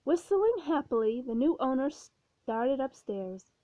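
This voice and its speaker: A woman narrating a children's storybook aloud in a slow, clear storytelling manner. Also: high-pitched, big pitch swings, mellow, no room sound. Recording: dull, dry recording.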